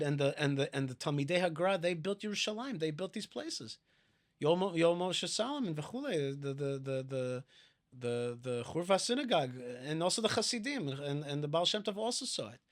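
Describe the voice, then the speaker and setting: A man answering interview questions in an emphatic, exhorting way, often repeating his phrases. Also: on the high side. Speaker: interview guest.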